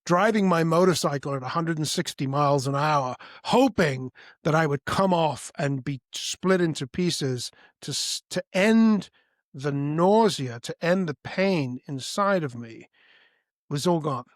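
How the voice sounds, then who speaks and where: A man's voice: lively intonation, a little slow, dry recording, clean studio sound. A man in his fifties, a podcast guest telling his life story in an emphatic way. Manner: emphatic, breaks into high loud voices when quoting.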